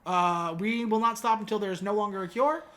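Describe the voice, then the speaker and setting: A woman voicing a menacing male mutant villain leader, giving a flat, deadpan speech in a casual podcast recap. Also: medium pitch, fairly quick, close to an everyday voice. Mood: threatening.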